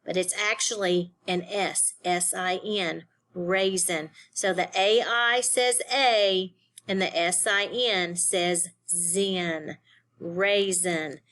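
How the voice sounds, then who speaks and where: A teacher leads a recorded phonics lesson for young students, speaking slowly and deliberately in a middle-pitched, fairly bright voice. Her intonation is fairly even as she breaks each word into syllables and spells it out letter by letter.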